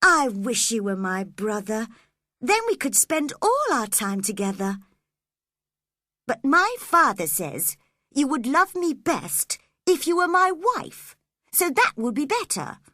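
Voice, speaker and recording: A woman's voice: high-pitched, big pitch swings, takes it slowly, sharp tone, no echo, studio quality, pitched above the performer's own voice, exaggerated voice. A woman doing a sickly, whining teenage boy. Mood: peevish. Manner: whining, complaining. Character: sickly peevish teenage boy, self-pitying.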